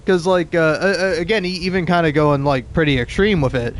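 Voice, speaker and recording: East coast american dude in his 20s riffing over a game, swears a lot, keeps restarting sentences, a bit higher voice. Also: brisk, faint music behind. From southeastern United States. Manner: rambling, profane, full of restarts. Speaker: let's play host. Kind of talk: casual gameplay commentary.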